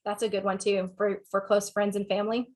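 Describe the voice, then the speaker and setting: A woman's voice: medium pitch, level tone, a little fast, darkish tone. A woman with a Southern US accent, a sex therapist giving a talk and answering questions in a frank, conversational way.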